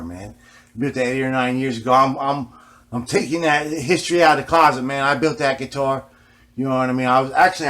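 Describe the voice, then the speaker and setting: A man's voice: mid-range voice, fairly bright tone. A man vlogging in a casual, rambling way, swearing often and ending nearly every phrase with "man". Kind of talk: casual rambling vlog talk.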